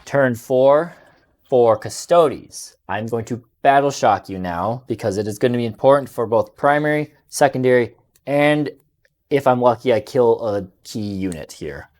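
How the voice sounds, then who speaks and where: A man playing a tabletop wargame, talking casually and quickly through rules and dice rolls, with excitable outbursts. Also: mid-range voice, faint music behind. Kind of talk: casual battle report banter.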